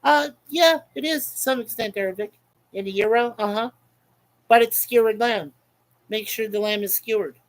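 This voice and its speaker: A man's voice: high voice, normal speed, low-quality recording. A man hosting a casual webcam livestream, reading out chat comments in a rambling, chuckling, repetitive way. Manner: rambling, chuckling, repeats himself.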